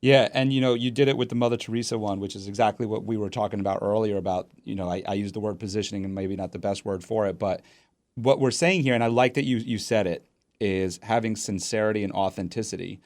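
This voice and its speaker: A man's voice: fairly low pitch, steady tone, quick pace, darkish tone. A man hosting a podcast interview, affirming and building on his guest's points in a casual way. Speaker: podcast host.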